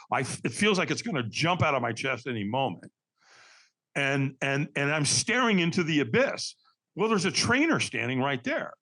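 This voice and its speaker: In a mid-range, slightly bright voice, a firewalking instructor guesting on a podcast delivers an animated story. He calls the host Doc and acts out quotes with shifting voices.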